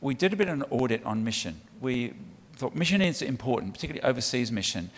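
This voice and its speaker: Animated and fast-talking, a middle-aged man from England addresses a church congregation as a guest preacher for a child sponsorship charity. His mid-range voice is chatty, peppered with ums and restarts, and the large church hall lends a long reverb.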